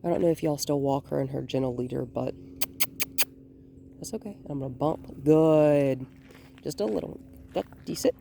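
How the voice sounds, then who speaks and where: A woman dog trainer filming a walk outdoors on a hand-held phone, calmly explaining and softly praising the dog. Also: very deep voice, a little fast, gravelly, long pauses, background noise. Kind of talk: hands-on training demonstration. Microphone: phone held in one hand.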